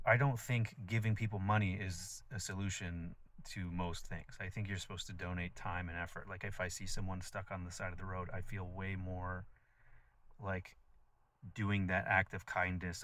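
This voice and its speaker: A man with a very low voice talks straight to his listeners in a loose, wandering monologue. He is blunt and swears freely, circles back on his points, and leans on many "like"s and "um"s. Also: a bit bright. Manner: rambling, blunt and profane, with many fillers. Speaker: vlogger. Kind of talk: casual spiritual monologue.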